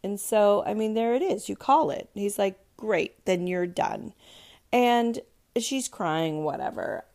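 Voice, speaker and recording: Stuffed-up woman, sarcastic and gravelly. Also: mid-range voice, animated, measured pace, a little mellow, no room sound, clean studio sound. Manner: sarcastic, rambling asides. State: congested, stuffed up. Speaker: podcast host. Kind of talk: casual TV recap chat.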